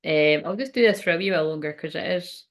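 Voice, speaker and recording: A woman's voice: deep voice, fast talker. Rambling woman reading tarot. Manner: rambling, swearing freely, laughing often. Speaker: tarot reader and medium. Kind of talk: casual tarot reading monologue.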